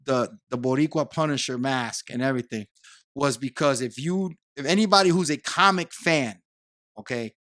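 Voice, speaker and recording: Man guest, mid pitch, lively storyteller who repeats himself, dry close sound. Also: normal speed, no echo. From Puerto Rico. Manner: animated storyteller, repeats words and phrases. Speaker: podcast guest. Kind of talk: casual conversation.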